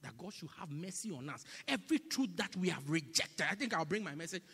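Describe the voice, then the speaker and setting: A male preacher delivering a sermon in a church, swinging between loud emphatic cries and hushed whispers and repeating phrases in a call-and-response rhythm. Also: on the high side, very animated, brisk, gravelly, husky, long reverb tail. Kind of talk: sermon with congregational prayer.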